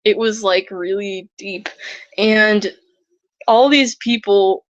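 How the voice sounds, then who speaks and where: Speaking slowly in a mid-range voice with fairly even intonation, a woman rambles casually through a personal story, dropping "like" into nearly every sentence. There's no echo; the recording sounds dry, dull and lo-fi.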